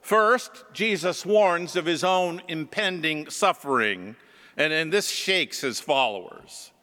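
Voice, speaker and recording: A man, a pastor, preaching a sermon and telling stories in a slow, reflective way. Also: a little high, lively intonation, bright, forceful tone, long reverb tail. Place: church.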